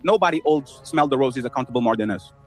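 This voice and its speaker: A man's voice: mid-range voice, expressive, fast talker, faint music behind, low-quality recording. A man who is not a native English speaker, arguing heatedly and talking over others in an online panel debate. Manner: argumentative, talks over others.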